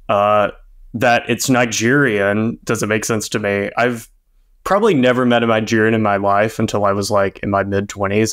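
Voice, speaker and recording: A young man co-hosting a podcast in casual chat, musing hesitantly and laughing between phrases. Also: on the low side. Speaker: podcast co-host.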